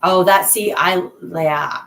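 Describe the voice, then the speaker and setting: A woman's voice: lowish voice, slow pace, a bit bright, roomy sound. A middle-aged woman hosting a casual live stream from home, talking to viewers by name and laughing easily. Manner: chatty, talks to viewers by name, laughs often.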